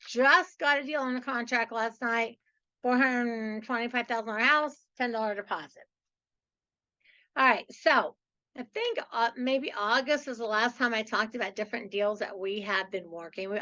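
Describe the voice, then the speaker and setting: Woman podcast host, bright tense voice, slightly high, chatty and enthusiastic, dull lo-fi audio. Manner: chatty, enthusiastic, says "like" and "so" often. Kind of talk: upbeat podcast monologue.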